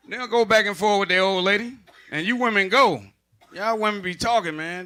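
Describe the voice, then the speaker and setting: A man's voice: high-pitched, normal speed, sharp tone. A man doing a stand-up comedy set, telling stories in a loose, profane, conversational way.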